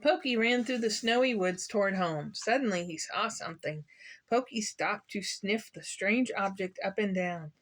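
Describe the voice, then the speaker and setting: A woman's voice: medium pitch, normal speed. A woman reading a children's picture book aloud, playful and asking the listener questions. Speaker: children's story reader.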